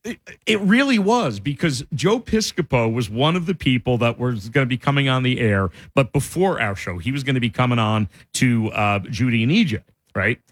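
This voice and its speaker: A man's voice: medium pitch, moderate pace. A man co-hosting a radio show, telling stories in casual banter and often breaking into laughter. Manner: laughing storyteller, animated. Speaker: radio co-host. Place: radio studio.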